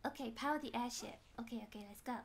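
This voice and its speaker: A young woman from Britain chats playfully during a casual gaming stream, exclaiming as she plays. She speaks fast in a slightly high, gravelly voice, with faint music in the background.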